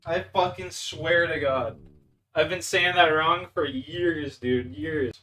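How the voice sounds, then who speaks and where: A young Canadian man streams a game live, chatting casually with viewers he calls bro and dude, laughing a lot, swearing, poking fun at himself, and muttering as he plays. His voice is a little high, slow, bright, and forceful.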